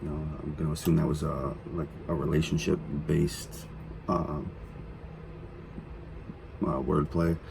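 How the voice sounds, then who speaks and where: A man's voice: rumbling low, flat delivery, unhurried, gravelly, pauses often, noisy background. A man giving casual, rambling commentary while reacting to a song, with many fillers. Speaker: reaction video host.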